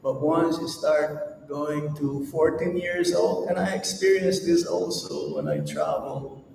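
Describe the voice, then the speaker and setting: A man giving a slow, emphatic devotional sermon to an audience, with rhetorical questions. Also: fairly high pitch, animated, a little mellow, slight background noise. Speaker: swami giving a lecture. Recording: echoey hall, mic at a distance.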